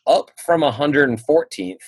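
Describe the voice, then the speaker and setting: A man, hosting a relaxed podcast conversation among friends. He moves the talk along and laughs easily, recorded close and dry with little room sound. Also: on the high side, normal speed, slightly rough, dry recording. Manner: laughs often, leads topics. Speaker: podcast host. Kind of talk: casual podcast chat.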